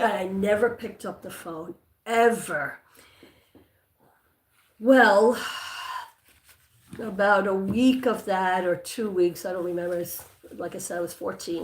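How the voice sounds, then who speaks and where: A woman's voice: medium pitch, normal speed. Chatty woman in an echoey room. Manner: rambling, personal, with many fillers and restarts. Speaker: livestream host. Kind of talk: casual livestream storytelling.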